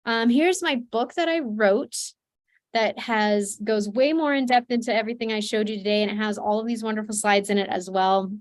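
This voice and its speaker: A woman's voice: mid-range voice, normal speed. A woman presenting an online seminar as a trauma coach, speaking earnestly with fillers and restarts, through a computer mic.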